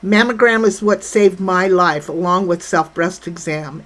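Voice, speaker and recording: An older woman with a lowish voice hosts a casual livestream, chatting with viewers and reading their comments in a blunt, brash way. She speaks unhurriedly with hardly any pauses, and the recording is low quality.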